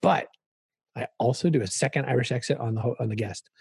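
A man speaking as a podcast guest in a casual conversation, telling stories with quick, animated asides. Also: mid-range voice, vocal fry, husky, dry recording, clean studio sound.

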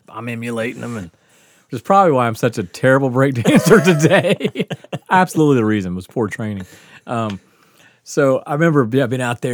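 A middle-aged man tells a loose, meandering story, dropping curses and chuckling at his own memories. His voice sits at an ordinary middle pitch. The sound is dry and close, with no room around it. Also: no room sound. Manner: rambling, profane, laughs through his story. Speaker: podcast host. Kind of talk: casual storytelling.

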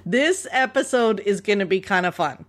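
A woman's voice: mid-range voice, expressive, normal speed. A Canadian woman co-hosting a podcast in casual chat, chatty and laughing often. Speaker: podcast co-host.

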